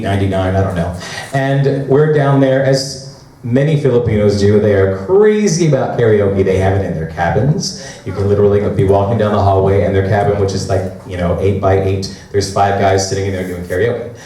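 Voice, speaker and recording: A man's voice: lowish voice, warm tone, recorded from a distance. A male cabaret performer singing and telling comic stories in a chatty, laughing way, recorded from afar in a roomy hall with music. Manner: chatty, laughing through anecdotes. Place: cabaret stage.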